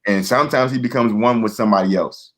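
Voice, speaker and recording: A man chats casually as a guest, talking fast with earnest repetition, frequently restarting sentences. He acts out quoted voices by raising his pitch. There's slight background noise.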